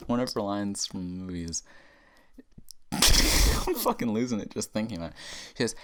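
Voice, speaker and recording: A man's voice: mid-range voice, a little fast, pauses often. A man hosting a comedy show, delivering a rambling, profane rant and often laughing at his own tangents. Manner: animated, profane, laughing at himself. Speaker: comedy podcast host.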